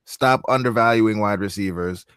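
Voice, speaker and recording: A man hosting a sports podcast, teasing his co-host and talking in an animated, casual way. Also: on the low side, moderate pace, clean tone, no room sound, studio quality. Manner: teasing, animated, signs off the show.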